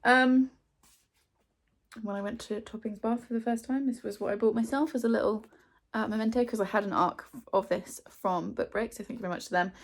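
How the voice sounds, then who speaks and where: This booktuber is a young woman from England whose voice sits on the high side, with fairly even intonation and a slightly fast pace. She talks casually to camera, chatty and self-deprecating, filling her speech with plenty of fillers.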